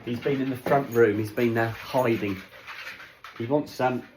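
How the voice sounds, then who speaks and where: A man's voice: mid-range voice, steady tone, a little slow, echoey room, background noise. A man chatting casually on his home vlog as he unpacks groceries in his kitchen, rambling along and talking to his dogs. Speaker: vlogger. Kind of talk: casual chat.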